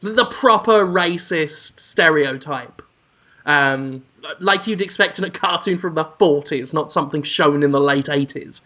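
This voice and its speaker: A man's voice: a little high, measured pace, pushed and bright. A man from the United Kingdom co-hosting a podcast, telling a rambling story in a wry, casual way. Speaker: podcast co-host. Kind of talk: casual chat.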